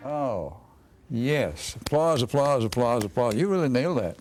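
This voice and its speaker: A man's voice: medium pitch, sing-song, normal speed, loud music behind the voice. Older male talk show host. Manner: chummy, encouraging. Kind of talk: relaxed interview talk. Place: TV studio.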